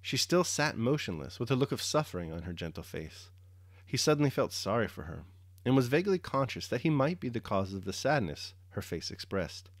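A man reading a classic novel aloud chapter by chapter, then giving a measured spoken reflection in a steady, articulate way. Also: mid-range voice, dry recording, clean studio sound. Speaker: audiobook reader and commentator. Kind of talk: measured audiobook narration and reflection.

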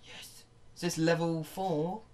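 A man's voice: on the high side, little pitch movement, slow pace, darkish tone, a little hiss or hum. A man joking around and coaching a friend through a game, teasing and playful. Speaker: co-player. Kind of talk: casual let's-play banter.

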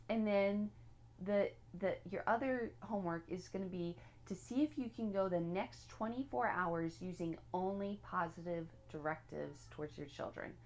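A woman's voice: fairly low pitch, darkish tone. A woman teaching a casual spoken parenting lesson, earnest and direct, openly admitting her own slips.

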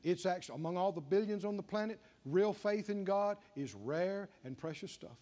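A man's voice: high-pitched, animated, moderate pace, warm tone. A man preaching a sermon to a congregation, repeating his lines and calling on them to answer back. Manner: call-and-response preaching, repeating lines with rising emphasis. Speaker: pastor. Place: church sanctuary with congregation.

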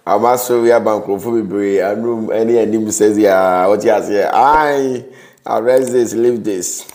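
His voice is on the low side and slightly mellow, delivered at a moderate pace in a room with noticeable echo. He's a Ghanaian host doing gossip news commentary, pleading with and preaching to his viewers along the way.

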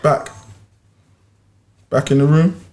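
A male podcast host in casual banter, loud and teasing, repeating himself and cutting in. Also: fairly high pitch, fairly even intonation, slow, reverberant.

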